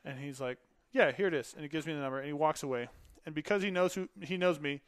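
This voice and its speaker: A man's voice: on the high side, fast, clean tone, no echo. Laughing man telling service stories. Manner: laughs often while telling stories, acts out dialogue. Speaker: podcast guest, Air Force veteran. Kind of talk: casual storytelling.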